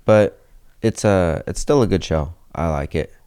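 A man's voice: sits low, measured pace, dark tone, clean tone, no room sound, studio quality. A young man co-hosting a podcast, chatting casually and jokingly, often saying "dude". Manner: laid-back, joking, says "dude" a lot. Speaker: podcast co-host. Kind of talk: casual chat.

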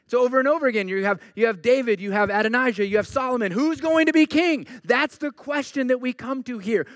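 A male pastor with a high voice, preaching in a conversational way. He swings between lively asides and quiet, earnest questions to the congregation. The sound is close and dry, with little room echo. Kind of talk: sermon.

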